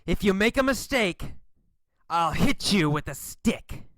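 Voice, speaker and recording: A man's voice: high-pitched, animated, a little slow, a bit bright, no room sound. A man voicing a cruel, stern male English teacher in a spoken story for learners. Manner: stern, threatening.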